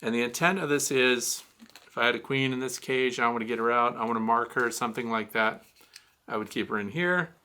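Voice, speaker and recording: A man's voice: medium pitch, brisk, bright, forceful tone. A man hosting a beekeeping Q&A, giving a blunt, teasing hands-on demonstration of gear. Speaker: beekeeping show host.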